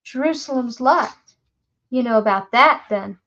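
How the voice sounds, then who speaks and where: A woman voicing an older widow who speaks softly and haltingly, frightened. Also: a little high, highs cut off. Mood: timid fearful. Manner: soft, halting.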